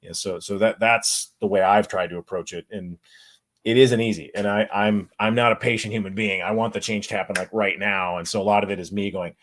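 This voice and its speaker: Low-voiced man telling candid stories. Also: fairly even intonation, a little fast, a bit bright. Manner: candid, self-deprecating storytelling with frequent restarts. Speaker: conference speaker answering audience questions. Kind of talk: casual Q&A answers with personal stories.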